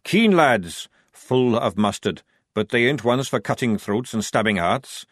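A man doing a gruff, crafty old sergeant. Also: medium pitch, expressive, measured pace, no room sound. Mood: sly. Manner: rough working-class speech, dropped words.

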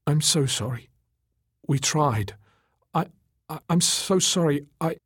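A man voicing a weak, hoarse, injured male doctor who speaks in halting, guilt-ridden bursts, in an audiobook. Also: on the high side, expressive, fairly bright tone, dry recording, clean studio sound, voice pushed up, full character voice. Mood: anguished. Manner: halting, broken apologies.

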